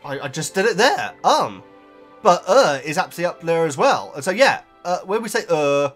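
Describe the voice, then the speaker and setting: A man's voice: on the high side, sing-song, moderate pace, a bit bright, faint music behind. A British man reading and answering viewer comments in a casual chat, talking hesitantly with many stumbling restarts.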